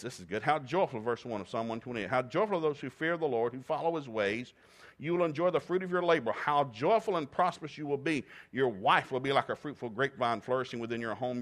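Joking middle-aged man preaching. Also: medium pitch. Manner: humorous, joking asides between scripture readings; bursts into loud whoops and laughter. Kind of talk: sermon.

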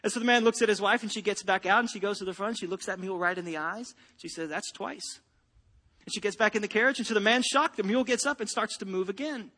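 A man's voice: sits high, quick pace, sharp tone, in a large hall. A man preaching a sermon, telling a joke and a story with playful acted-out voices. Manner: joking storyteller, acts out voices. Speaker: pastor.

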